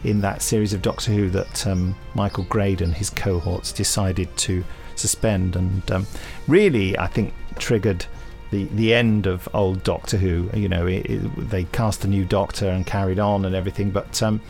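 A man's voice: low-pitched, fairly even intonation, normal speed, vocal fry, few pauses, a little mellow, faint music behind. A man hosting a podcast, chatting casually with dry, teasing humour and rambling asides. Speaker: podcast host. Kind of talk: casual chat.

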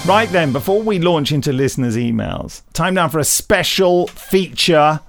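A man with a gravelly voice talks casually as a podcast host. He sounds self-deprecating and playful, and he often restarts his sentences. Faint music plays under his voice. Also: on the high side, expressive, normal speed. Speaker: podcast host and writer-director.

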